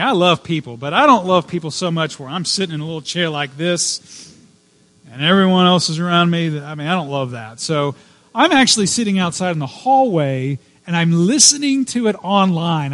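A pastor preaching in a chatty style, man with a fairly high voice. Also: fairly bright tone. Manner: conversational, digressive storytelling with personal asides. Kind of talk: sermon.

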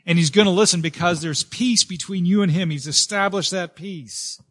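A man preaching a sermon as pastor, earnest, with frequent fillers and restarts, rising and slowing to stress key words. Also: sits high.

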